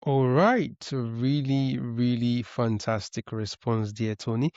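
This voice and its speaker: A man hosting a podcast, asking his guest questions in a measured, encouraging way. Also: medium pitch, darkish tone, dry recording. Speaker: podcast host. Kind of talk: interview questions. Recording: dull lo-fi dry sound.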